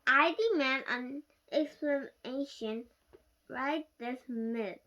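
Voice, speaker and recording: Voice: high voice, bright, forceful tone, exaggerated voice. A child reading a storybook aloud, voicing a frazzled, stern mother who scolds her son. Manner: scolding, demanding, slow and emphatic.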